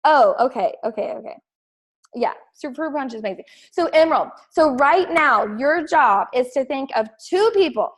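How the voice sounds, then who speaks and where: A woman with a drawl leads her fitness team through a casual call. Her voice sits a little high, and she talks in an excitable, rambling way, scattering "like" through almost every sentence. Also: normal speed. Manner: chatty and excitable, heavy use of "like".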